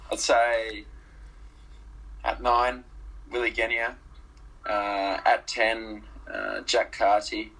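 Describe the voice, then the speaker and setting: A young man from Zimbabwe talks rugby as an interview guest, relaxed and full of ums and little laughs. His voice sits a bit low, husky yet bright and forward. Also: extremely slow, long pauses, low-quality recording. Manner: relaxed, hesitant with many ums, laughs easily. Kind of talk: casual interview chat. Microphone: call.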